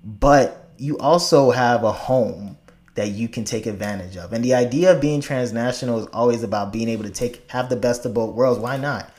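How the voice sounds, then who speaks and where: In a casual conversation, a man from Africa speaks in a mid-range voice at a moderate pace. He's emphatic and animated, laughing frequently and often restarting his sentences.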